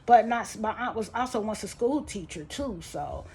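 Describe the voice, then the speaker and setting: Woman vlogger with a slightly raised pitch, venting emotionally about family in a loose, colloquial, rambling delivery that swings between heated and quiet. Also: lively intonation, moderate pace, a little hiss or hum. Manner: rambling and heartfelt, with many restarts and fillers; voice rises and tightens when upset, falls soft and low when sad. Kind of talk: emotional personal storytelling to camera.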